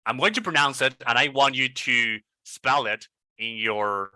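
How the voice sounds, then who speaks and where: Slow, bright-voiced man coaching pronunciation. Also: mid-range voice, dry recording. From Venezuela. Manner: slow, repeats words several times to model pronunciation. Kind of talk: live online pronunciation lesson. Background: party noise nearby.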